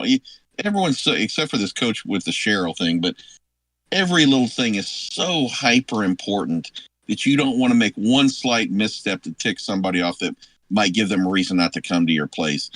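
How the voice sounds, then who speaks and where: A man on a sports radio show as a guest, telling old stories in a rambling, halting way. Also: fairly low pitch, lively intonation, a bit bright, no echo, low-quality recording. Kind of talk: casual chat, recruiting stories.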